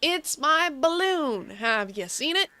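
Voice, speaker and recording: A woman voicing an excitable male cartoon tiger from a game, with a folksy Southern drawl. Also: high voice, slow pace, voice pushed up, heavily acted.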